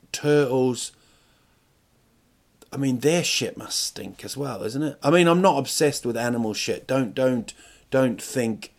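Middle-aged man, podcast host, solo comic ramble, mid pitch, crude asides, stop-start phrasing. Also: a little mellow. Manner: rambling, stop-start, crude jokes, rising rhetorical questions. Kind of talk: comic monologue.

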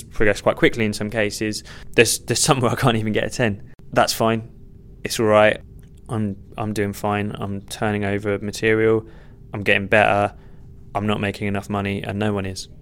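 Candid comedian, gravelly low voice. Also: male voice, little pitch movement, moderate pace, a bit bright. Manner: candid, self-deprecating, rambling. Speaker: stand-up comedian guest. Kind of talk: podcast interview answers.

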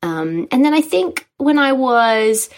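A young woman, a guest chatting casually in an interview, telling stories in an animated way with frequent laughter. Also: sits high, takes it slowly. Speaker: guest, musical writer.

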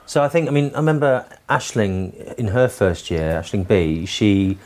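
A man's voice: lowish voice, normal speed, darkish tone. A man hosting a podcast, chatting casually and joking with his guest. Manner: playful, jokey interjections, mimics voices. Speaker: podcast host.

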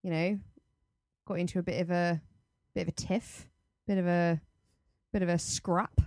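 A woman's voice: on the low side, little pitch movement, normal speed, darkish tone, no echo, studio quality. A woman improvising a comedy scene, telling her story playfully and acting out the quotes. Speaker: improv guest.

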